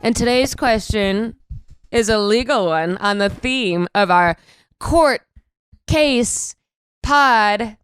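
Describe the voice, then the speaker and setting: A woman in her thirties hosting a comedy podcast, telling stories fast in casual chat and slipping into playful impressions, with a bit of a morning voice. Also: fairly high pitch, expressive, a bit bright, clear, resonant tone, no room sound, faint music behind. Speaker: podcast host.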